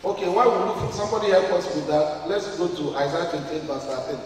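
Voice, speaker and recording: A man with a Nigerian accent preaching a sermon in call-and-response style, rising to shouts. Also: on the high side, fast, a little hiss or hum. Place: church. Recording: echoey church hall, mic far off.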